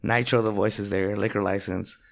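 A man's voice: on the low side, fairly even intonation, fairly quick, gravelly. A man co-hosting a podcast, chatting and telling stories in a laid-back, slangy way and laughing often. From Central California. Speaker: podcast host. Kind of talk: casual chat.

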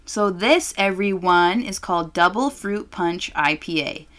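A woman's voice: fairly low pitch, expressive, a little slow, fairly bright tone. A young woman co-hosting a podcast, chatting casually in a brash, joking, profane way. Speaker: podcast co-host. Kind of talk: casual chat.

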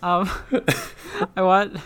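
A woman playing a tabletop role-playing game, talking in a halting, hesitant way. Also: mid-range voice, noisy background. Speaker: player.

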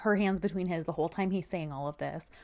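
A woman's voice: on the low side, fast talker, darkish tone. Gushing chatty woman recapping a show. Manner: chatty and gushing, retells scenes with quoted lines. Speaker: podcast co-host recapping a TV series. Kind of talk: casual chat.

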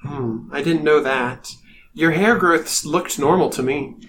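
A man voicing a calm, scholarly female wizard in a tabletop game. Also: fairly high pitch, unhurried, slight background noise. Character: female wizard, a learned transmuter. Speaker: game master.

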